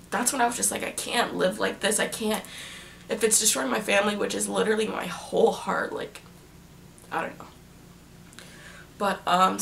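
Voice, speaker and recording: A young woman vlogger gives a halting, emotional personal confession at home, often close to tears. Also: mid-range voice, vocal fry, a bit bright, slight background noise.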